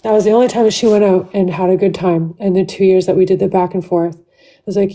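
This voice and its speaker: A woman vents on a live stream in a heated, profane monologue, leaning on "like" between nearly every phrase. Her voice is very warm and mellow, with no brightness to it, and sits at an ordinary pitch for a woman. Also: fairly even intonation, fairly quick, rough recording. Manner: heated, profane, with constant "like" fillers. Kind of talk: angry ranting livestream monologue.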